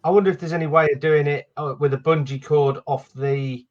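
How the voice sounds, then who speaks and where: A man's voice: fairly high pitch, steady tone, a little fast, lo-fi sound. A man co-hosting a casual live-stream podcast, easygoing, with short replies and laughs along with his partner. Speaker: podcast co-host.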